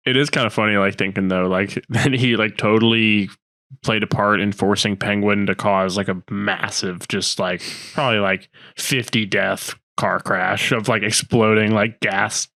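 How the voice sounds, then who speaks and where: A man's voice: on the low side, fairly even intonation, gravelly, pushed and bright, no echo, studio quality. A man co-hosting a casual podcast, rambling with lots of filler words and laughing easily. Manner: easygoing, rambling, quick to laugh, filler-heavy. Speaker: podcast co-host.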